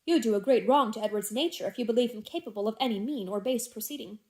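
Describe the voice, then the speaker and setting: Proud young lady, low and firm, voiced by a woman reader, audiobook. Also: quick pace, a little mellow, natural voice. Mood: guarded.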